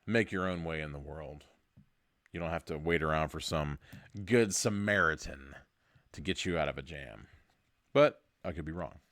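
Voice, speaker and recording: A man's voice: very deep voice, normal speed, no echo, clean studio sound. A man hosting a podcast, reading a gamebook aloud for laughs and ad-libbing jokes. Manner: jokey, ad-libs and laughs at his own lines; drops to a hushed spooky murmur. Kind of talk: comedic storybook reading.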